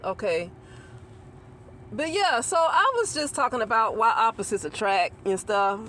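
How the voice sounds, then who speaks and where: A woman delivers a loose, unscripted spiritual talk to her channel's viewers. She rambles, restarts sentences and repeats herself, often checking in with a quick "okay?" Faint noise sits in the background. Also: on the high side, lively intonation, a bit bright. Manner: rambling, repeats and restarts phrases, asks listeners to agree. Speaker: channel host. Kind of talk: casual spiritual monologue to camera.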